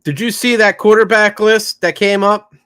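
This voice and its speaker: High-voiced guy pressing his point. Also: steady tone, normal speed, bright, forceful tone, smooth, no room sound, clean studio sound. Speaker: podcast co-host. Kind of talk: casual sports banter.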